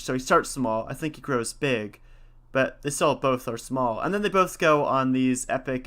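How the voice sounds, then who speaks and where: Male podcast host; bright, lively storyteller with a conversational aside. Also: medium pitch. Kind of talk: storytelling and casual commentary.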